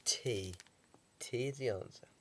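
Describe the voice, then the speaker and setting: A man's voice: mid-range voice, measured pace, husky. Brief: young guy, stuffy with a cold, mid-range voice, dry rambling vlog humour. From England. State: has a heavy cold. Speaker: vlogger. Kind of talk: casual video diary.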